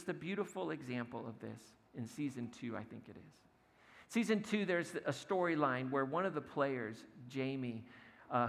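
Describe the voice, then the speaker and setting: A man's voice: medium pitch, gravelly, a bit bright, big-room sound. A man preaching a sermon in a church, telling a story conversationally, acting out the quotes and laughing now and then. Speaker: pastor. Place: church sanctuary.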